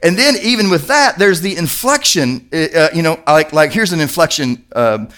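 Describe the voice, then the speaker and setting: A man from Kentucky, a pastor, preaching a sermon in a church in a lively, conversational way, asking the congregation questions. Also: a little high, normal speed.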